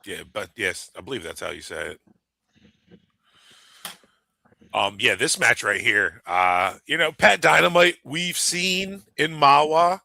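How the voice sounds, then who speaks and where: A man co-hosting a wrestling talk show, chatting in an animated, rambling way. His voice is gravelly, with a fry at the edges. The tone is very bright and forward. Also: mid-range voice, slow, pauses often, no room sound, low-quality recording. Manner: animated, laughs often, rambling. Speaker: wrestling podcast co-host. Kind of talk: casual chat.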